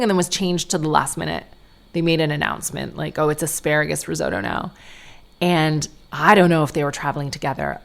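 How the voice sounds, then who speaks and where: A woman hosting a podcast, telling a story in a chatty, animated way and acting out the people in it. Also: deep voice. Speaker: podcast host. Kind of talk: casual storytelling monologue.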